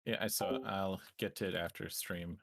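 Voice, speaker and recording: A man streaming a game and chatting casually, run down and talking in a relaxed, rambling way. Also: deep voice, moderate pace, gravelly, heavy background noise. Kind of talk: casual chat.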